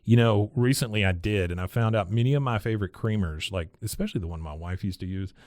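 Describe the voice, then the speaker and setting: A man's voice: on the low side, quick pace, a little mellow, dry recording, clean studio sound. A man co-hosting a podcast, reading a sponsor spot in a chatty, conversational way. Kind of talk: casual ad read.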